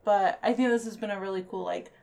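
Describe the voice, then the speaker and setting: A woman's voice: mid-range voice, quick pace, vocal fry. A woman, the game master of a tabletop campaign, chatting casually and reading out listener questions. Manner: relaxed, reads listener questions. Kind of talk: casual podcast chat.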